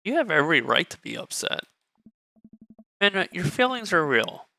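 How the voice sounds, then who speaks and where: A man's voice: on the high side, very animated, normal speed, gravelly, bright, forceful tone. A male streamer reading a dating game aloud in a candid, joking way.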